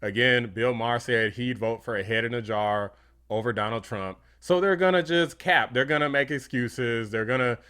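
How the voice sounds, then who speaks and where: A man's voice: medium pitch, moderate pace, bright, forceful tone, clean tone. A man commenting on clips for his channel in a casual, slangy, dismissive way. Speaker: YouTube commentator. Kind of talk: reaction video commentary.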